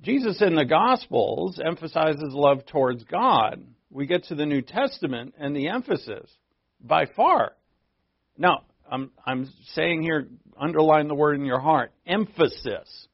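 A man preaching from the pulpit in an easygoing, questioning way, his voice slightly gravelly at a middling pitch. The recording is dry with little room sound and a somewhat dull, lo-fi tone. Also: expressive, a little slow, no echo. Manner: conversational preaching, asks the congregation questions. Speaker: pastor. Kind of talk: sermon.

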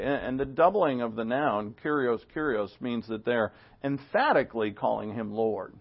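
A man teaching a Bible class verse by verse, conversational, with rhetorical questions and animated quoting. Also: mid-range voice, normal speed, vocal fry, hardly any pauses, lo-fi sound.

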